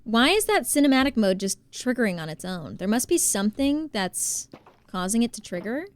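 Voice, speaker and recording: On a live stream, a woman from New Jersey chats while playing, readily exclaiming as she reads out messages and thanks her chat. Her voice runs on the high side with a sing-song lilt.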